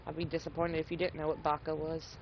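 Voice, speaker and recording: A woman's voice: low-pitched, little pitch movement, fast, a little hiss or hum, poor audio. A woman streamer chatting casually and profanely with her viewers, teasing and laughing. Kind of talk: casual live-stream chat.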